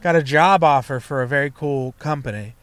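A man's voice: medium pitch, fairly quick, fairly bright tone. A young man, a stand-up comedian, telling a loose, profane story from his past in a casual chat, full of fillers like "you know" and "like". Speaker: comedian guest.

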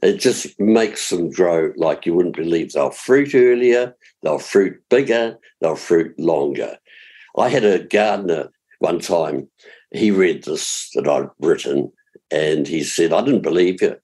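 Older man, New Zealand accent, very deep voice, husky, chatty gardening advice. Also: animated, a little mellow. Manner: chatty, explanatory, spells words out slowly. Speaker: gardening expert. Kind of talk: radio gardening advice chat.

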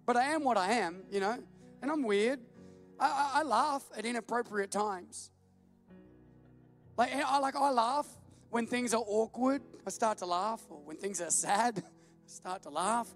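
A man preaching with a very high, light voice, joking about himself and breaking into laughter as he tells stories. Faint music sits under his sermon. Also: unhurried. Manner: self-deprecating, animated storytelling with laughs. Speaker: pastor. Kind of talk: humorous sermon.

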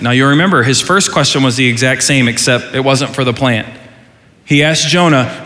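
A man preaching a sermon, animated, rising into mock outrage in his asides. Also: mid-range voice, fairly quick. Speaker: pastor. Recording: long hall reverb.

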